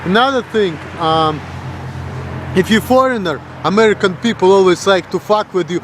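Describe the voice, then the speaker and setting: A man's voice: high-pitched, normal speed, fairly bright tone, a little hiss or hum. A young Russian man with a Russian accent, ranting bluntly and crudely on a vlog. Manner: blunt, crude, mocking the voices of others. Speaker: vlogger. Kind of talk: blunt profane rant.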